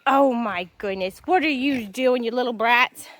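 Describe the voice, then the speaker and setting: Woman, high voice, farm vlogger, outdoors, sing-song coaxing, chatty. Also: unhurried, a bit bright. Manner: chatty, down-to-earth. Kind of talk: casual vlog narration.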